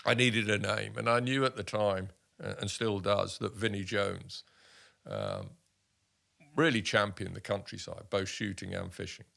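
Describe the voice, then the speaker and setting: Older british army vet guy, low gravelly voice, telling stories all lively with lots of restarts. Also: measured pace. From United Kingdom. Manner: animated anecdotes with many restarts and voiced quotes. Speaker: army veteran guest. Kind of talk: casual storytelling interview.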